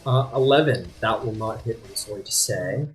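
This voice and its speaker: A man narrating as game master of a tabletop game, chatty and quick to apologize. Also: lowish voice. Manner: lively, chatty, apologetic asides. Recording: faint guitar music behind.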